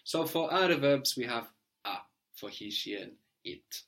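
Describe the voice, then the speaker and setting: A man teaching a language lesson, patiently prompting his student and spelling words out letter by letter, often checking with a quick "no?". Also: mid-range voice, animated, gravelly, a bit bright.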